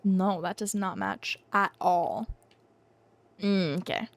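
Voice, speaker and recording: A woman's voice: mid-range voice, slow. Rambling young woman streamer. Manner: thinks aloud, rambling, hums and giggles to herself. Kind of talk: casual live-stream chatter while playing.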